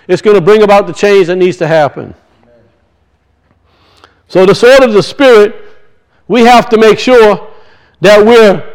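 A man's voice: high-pitched, poor audio. A middle-aged man preaching a sermon as a pastor, talking conversationally, asking rhetorical questions and telling folksy stories.

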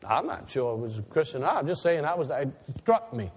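Animated preacher in a reverberant hall. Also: male voice, fairly quick, slightly rough. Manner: animated preaching, rising to high emphatic peaks and dropping to quiet asides. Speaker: pastor. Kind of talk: sermon.

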